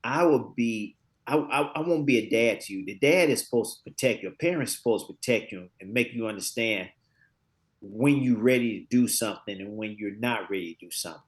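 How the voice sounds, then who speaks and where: A man in his fifties, a guest on an interview podcast, telling lively stories and acting out conversations, often repeating words as he searches for what to say. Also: fairly low pitch, brisk. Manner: lively storyteller who acts out quoted dialogue. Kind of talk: casual interview storytelling.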